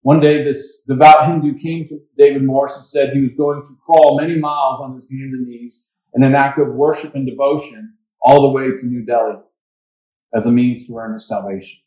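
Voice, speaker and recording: A male pastor preaches earnestly, his voice sitting at a middle pitch. The sound is dull and lo-fi and rings around the church room, with mic problems audible. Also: steady tone, moderate pace. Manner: earnest storytelling and quiet invitation. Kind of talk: sermon. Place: church sanctuary. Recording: dull echoey church recording with mic issues.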